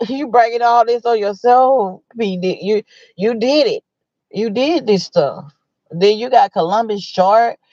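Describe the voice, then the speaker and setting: Livestream host, casual commentary, unhurried delivery, dry close sound. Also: medium pitch, dry recording, highs cut off. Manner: animated and exclamatory, laughing often, retelling others' words.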